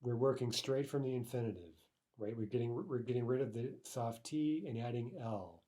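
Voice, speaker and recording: A man's voice: medium pitch, moderate pace, dark tone. Patient man teaching a grammar lesson. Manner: explains patiently, often checks in with "right?". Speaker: language teacher.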